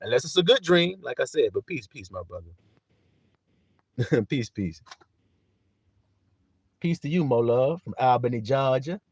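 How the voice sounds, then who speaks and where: A man delivers a live-streamed sermon, his pitch leaping high and dropping low as he rises and falls, unhurried, with long pauses and a slightly rough voice. He reads scripture, quizzes listeners, greets viewers by name and laughs often between points. The sound is close and dry, without room echo.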